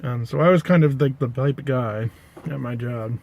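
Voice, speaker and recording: A man's voice: mid-range voice, moderate pace, gravelly, darkish tone, highs cut off. A man casually telling an anecdote to the camera, rambling, correcting himself and adding dry asides. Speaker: pipe-smoking vlogger.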